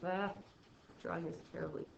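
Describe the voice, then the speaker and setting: A woman's voice: fairly low pitch, fairly even intonation, a little fast, creaky, background noise. A woman teacher explaining math in a chatty way, often checking in with "okay?" and acting out student reactions. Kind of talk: recorded classroom math lesson. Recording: slightly dull, roomy recording.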